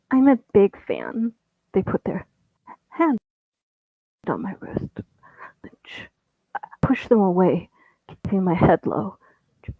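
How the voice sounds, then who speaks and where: Halting male storyteller who stammers through his own tale, slow and husky, recorded dry over thin phone-quality audio. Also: sits high, no room sound. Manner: halting, stammering, with many restarts; drops into an unvoiced whisper at times. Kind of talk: first-person story reading.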